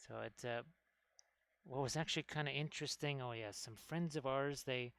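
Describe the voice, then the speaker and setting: A man hosts a casual miniature painting stream, rambling as he works and chatting with viewers in a tutorial style. His mid-range voice is fairly bright and clean, at a moderate pace.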